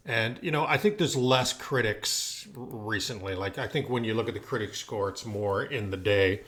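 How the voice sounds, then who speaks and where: Male podcast host, mid-pitched, playful and quick, reads trivia between jokes. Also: fairly bright tone. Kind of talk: casual chat, reading trivia and scores.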